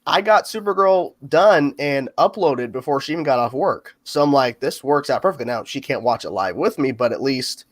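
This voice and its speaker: Guy hosting a chill livestream, middle pitch, chatty, dry close sound. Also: lively intonation, moderate pace, few pauses, no room sound. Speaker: host. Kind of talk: casual livestream chat.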